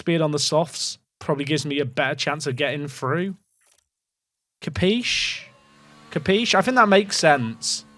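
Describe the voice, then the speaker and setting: With no echo, a fairly high, fairly bright male voice comes through clearly. He's an English gaming streamer chatting casually about his racing-management game, rambling and questioning himself, and swearing occasionally.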